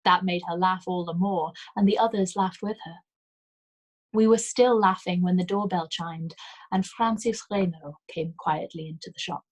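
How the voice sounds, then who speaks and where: A woman reading a novel aloud as a bedtime storyteller, in a calm, measured way. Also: fairly low pitch, rough recording.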